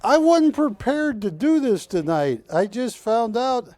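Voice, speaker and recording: A middle-aged man hosts a live TV shopping auction, calling out bids and rambling jokily in between. His voice is extremely high yet darkish in tone, expressive and unhurried. The sound has no echo.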